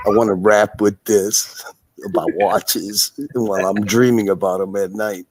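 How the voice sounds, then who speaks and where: A man with a husky voice, a guest on a livestream panel, joking and flirting in casual chat with lots of laughter. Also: lowish voice, fairly even intonation, slow pace, no room sound. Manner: flirty, teasing, laughs a lot.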